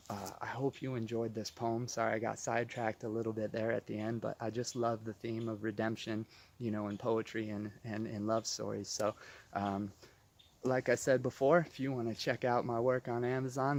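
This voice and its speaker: A man's voice: medium pitch, a little hiss or hum. A man, a poet, casually walking through one of his own poems in an earnest, enthusiastic way, often repeating words and asking "right?". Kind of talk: casual spoken walkthrough of a poem.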